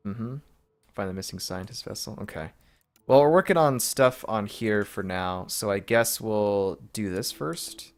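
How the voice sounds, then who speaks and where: A man's voice: on the low side, measured pace. A man casually commenting while playing a video game, reading menu items aloud half to himself in an offhand, wry way.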